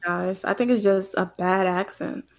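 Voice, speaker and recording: A woman's voice: medium pitch, steady tone, creaky. Frank woman podcast co-host. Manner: frank, retells scenes with quick quotes. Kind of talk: casual movie chat.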